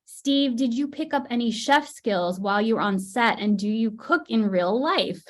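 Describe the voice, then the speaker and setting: A woman with a fairly high voice moderating a press Q&A. She reads out each question politely and keeps things moving briskly. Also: lively intonation. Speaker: panel moderator.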